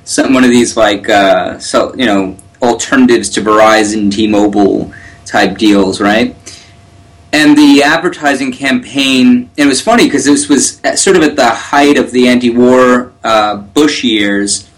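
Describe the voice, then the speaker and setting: A middle-aged man co-hosting a casual talk, telling stories quickly with repeated words. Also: mid-range voice, poor audio. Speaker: podcast co-host. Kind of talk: casual conversation.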